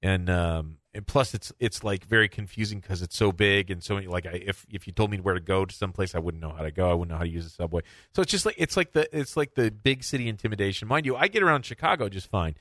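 A man from the American Midwest hosting a podcast, joking and excitable in casual chat. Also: deep voice, fast, hardly any pauses, no room sound, studio quality.

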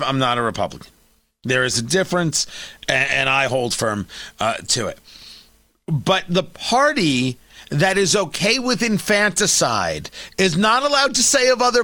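A man's voice: a little high, pushed and bright, no echo. A man hosting a talk radio show, delivering sarcastic, mocking opinion commentary.

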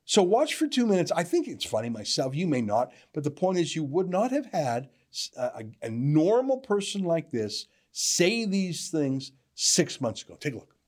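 Lively, sarcastic male commentator. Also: a little high, normal speed. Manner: emphatic, sarcastic. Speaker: political commentator. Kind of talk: opinion commentary.

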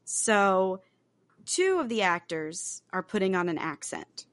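A woman's voice: medium pitch, big pitch swings, takes it slowly, dry recording. Chatty, swearing woman podcast host. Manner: chatty, swears freely, many fillers. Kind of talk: casual chat about a film.

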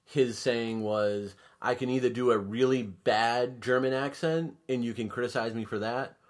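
A man's voice: mid-range voice, steady tone, normal speed. A man chatting casually as a podcast guest, rambling and hesitant with lots of fillers.

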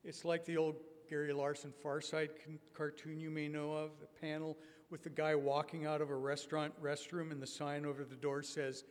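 A man in his sixties giving a prepared conference talk in a measured, wry storytelling manner with deliberate pauses. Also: fairly high pitch, level tone. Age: 60s. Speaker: conference speaker. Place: conference hall. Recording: long reverb of a conference hall.

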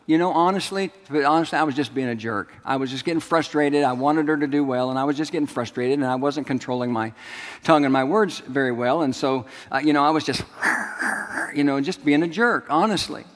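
A man's voice: fairly high pitch, fairly quick. A middle-aged man preaching a sermon, telling stories and calling on the congregation to respond. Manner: storytelling, asks the congregation to respond. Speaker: pastor. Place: large church sanctuary. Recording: long hall reverb.

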